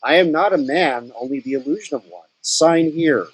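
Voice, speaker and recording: A man's voice: fairly high pitch, animated, moderate pace, background noise, lightly acted. A man reading the part of a menacing, bullying male warehouse guard in a screenplay table reading, barking clipped orders and profane threats. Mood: curt, cold. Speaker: script reader.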